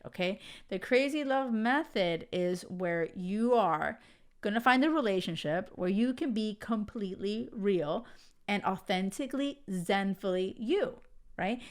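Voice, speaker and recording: A young woman hosting a podcast, talking emphatically and excitedly, swearing freely. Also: mid-range voice. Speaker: podcast host. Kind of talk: casual podcast chat.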